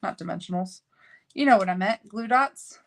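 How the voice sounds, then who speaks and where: A woman's voice: medium pitch, moderate pace, gravelly. Chatty woman crafting on camera. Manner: chatty, thinks aloud while working. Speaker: card-making video host. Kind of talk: casual crafting tutorial chat.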